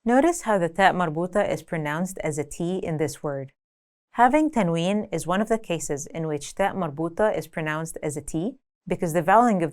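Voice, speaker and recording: This language teacher, a woman with a fairly low voice, reads a scripted lesson with clear, careful delivery and eases her pace for each example word.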